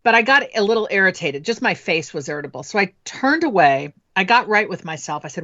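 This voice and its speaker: A woman's voice: medium pitch, sing-song, fairly quick, few pauses, pushed and bright, no echo, muffled recording. A middle-aged woman speaking as a guest in a podcast interview, frank and reflective as she tells stories from her own parenting.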